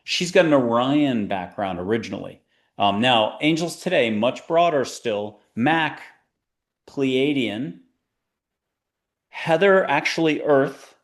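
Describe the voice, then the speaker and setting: A male talk-show host speaking in a lively, rambling way. His pitch swings up and down as he hops from one idea to the next in casual chat. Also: slow. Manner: rambling, animated, jumps between ideas. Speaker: podcast host.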